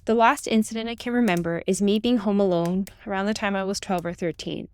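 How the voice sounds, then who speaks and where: A woman reading a true ghost story aloud in the first person, with calm, steady storytelling. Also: medium pitch, fairly quick, smooth, no room sound. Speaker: narrator. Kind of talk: scripted ghost story narration.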